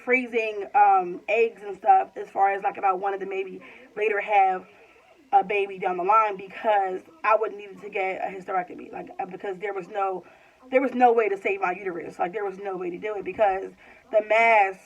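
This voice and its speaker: At normal speed and in a steady, mid-range voice, this woman in her twenties, a vlogger, rambles casually through a personal story, using plenty of "like" and frequent restarts. The recording is lo-fi, dull, and slightly distant.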